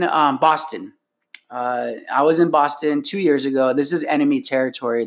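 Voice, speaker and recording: A man hosting a casual chat, telling stories in a rambling way with many restarts. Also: mid-range voice. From Los Angeles area. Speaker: podcast host.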